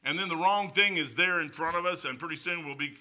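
A man's voice: a little high, quick pace, bright, forceful tone. A man preaching a sermon in a folksy, rambling way, mixing personal stories with scripture he reads aloud in old-style wording.

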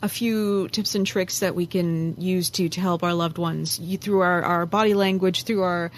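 A woman's voice: on the low side, fairly even intonation, moderate pace, slight background noise. A woman co-hosting a conversation, mostly giving brief affirmations and summing up points.

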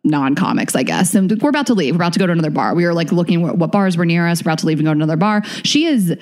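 A woman's voice: on the low side, rapid-fire. A woman comedian, a guest on a podcast, telling a story casually and acting out what people said, with lots of "like". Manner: animated, fills talk with "like", acts out quotes.

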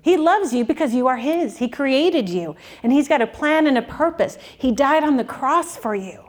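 A woman's voice: high voice, expressive, moderate pace. A woman in her forties giving an earnest, candid faith talk with touches of self-deprecating humor. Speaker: Christian speaker.

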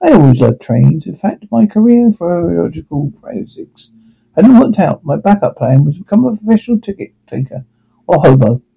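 A man voicing a grown-up genius who narrates his childhood in a wry, deadpan way. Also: sits high, brisk, gravelly, husky, lo-fi sound, exaggerated voice. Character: grown-up genius man looking back, dry and self-assured.

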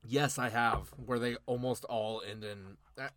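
A young man co-hosting a casual podcast, excitedly recapping a show with slang and laughter. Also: mid-range voice, measured pace, no room sound. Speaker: podcast co-host. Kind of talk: casual chat.

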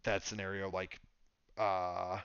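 A man's voice: low voice, flat delivery, slow pace, a bit bright, clean tone, no room sound, muffled recording. A man co-hosting a podcast, chatting casually and thinking aloud with lots of fillers. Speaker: podcast co-host. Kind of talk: casual sports chat.

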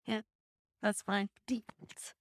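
An American woman hosting a podcast, chatting in an unhurried, friendly way on a remote call with headphones. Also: medium pitch, steady tone, dry recording, clean studio sound. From United States. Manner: unhurried, friendly, laughs easily. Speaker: podcast host. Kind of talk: casual chat wrapping up a remote conversation.

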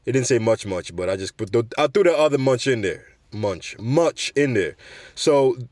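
A man's voice: mid-range voice, animated, normal speed, a little mellow, no echo, studio quality. Casual man reading news and commenting. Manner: trips over words, corrects himself, breaks off for opinions. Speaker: show host.

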